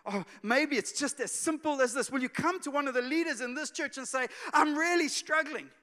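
A man from South Africa preaching a sermon as a pastor, moving from hushed pleas to loud urgent calls. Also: very high-pitched, brisk. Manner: emotional, swings from hushed to shouting. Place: church hall. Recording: church hall reverb with soft music.

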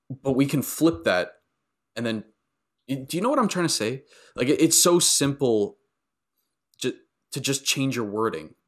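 A man hosting a casual interview, easygoing, with halting restarts. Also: fairly low pitch, fairly bright tone. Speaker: podcast host.

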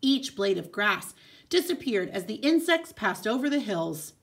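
A woman teacher reading a folk tale aloud, expressive, with casual asides. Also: mid-range voice, unhurried. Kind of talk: storybook read-aloud.

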